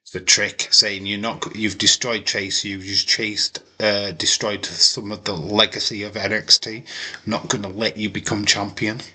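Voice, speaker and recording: A man reacting live to a wrestling broadcast in a bright, forceful voice. He talks at an unhurried pace, chatty and loose, and bursts into excitement now and then. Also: fairly low pitch, slightly rough. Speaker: wrestling watch-along streamer.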